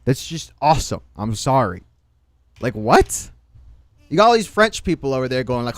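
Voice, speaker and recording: Slangy young streamer man, animated. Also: medium pitch, a little slow, no room sound, studio quality. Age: young adult. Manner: slangy, joking, exclamatory. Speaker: livestream host. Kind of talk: casual reaction stream chat.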